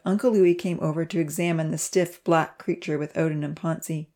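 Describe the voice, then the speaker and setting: Mellow-voiced woman reading a storybook. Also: on the low side. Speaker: audiobook narrator. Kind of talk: scripted storybook narration.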